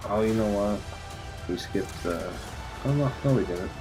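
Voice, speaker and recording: A man's voice: fairly low pitch, a little slow, over music. A man co-hosting a podcast, rambling through a casual recap of a TV episode and retelling scenes with quoted lines. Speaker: podcast co-host. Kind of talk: casual chat recapping a TV show.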